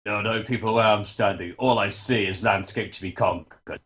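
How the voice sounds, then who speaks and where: A man's voice: lowish voice, fairly even intonation, normal speed, fairly bright tone, muffled recording. A man playing a tabletop game, talking in a brash, boastful way in character. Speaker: player.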